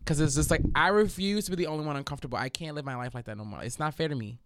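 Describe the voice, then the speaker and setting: A man co-hosting a casual chat show, telling stories in a blunt, animated way. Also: a little high, very fast, noisy background. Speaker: podcast co-host.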